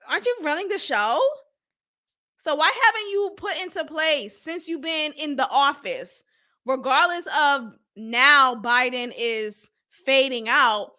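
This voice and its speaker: A woman's voice: sits high, bright, forceful tone. A woman hosting a podcast, talking casually with a blunt, sarcastic edge and plenty of swearing. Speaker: podcast host.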